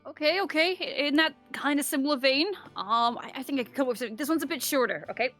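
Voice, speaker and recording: High, giggly woman playing a character. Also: quick pace, few pauses, fairly bright tone, soft background music. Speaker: player. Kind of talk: tabletop role-play.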